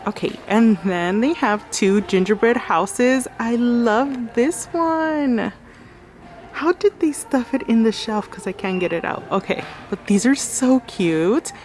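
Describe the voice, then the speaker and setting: Woman vlogger, slightly low voice, effusive chatty walkthrough, phone mic, faint store ambience. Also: darkish tone, a little hiss or hum. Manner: gushing, chatty, reads out sign text and prices. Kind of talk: casual store walkthrough vlog. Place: inside a large craft store.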